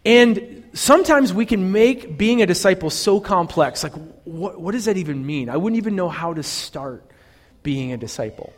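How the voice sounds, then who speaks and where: A man's voice: sits high, animated, moderate pace, long reverb tail. A male pastor preaching a sermon in an earnest, conversational way, full of fillers and restarts.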